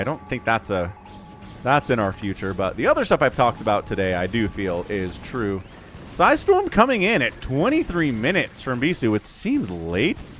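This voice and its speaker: A man giving live game commentary as a streamer, chatty and excitable, laughing often and talking to his chat. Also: medium pitch. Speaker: esports caster and streamer.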